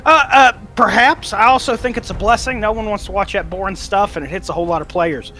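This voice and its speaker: A bright, high-pitched man hosting an esports analysis desk. He sounds upbeat and keeps tossing questions to his panel. Soft music plays underneath. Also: quick pace.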